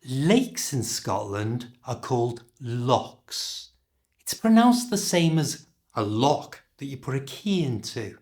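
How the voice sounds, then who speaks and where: Teaching English pronunciation, this Liverpool man takes his time, demonstrating every sound carefully and deliberately. His delivery is slow, and his pitch moves up and down in a lively way.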